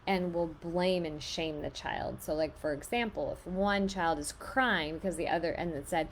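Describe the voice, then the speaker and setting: A woman and parent giving advice in a casual monologue, explaining calmly with lots of filler words. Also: low voice, normal speed, a little hiss or hum. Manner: conversational, many filler "like"s, calm explaining.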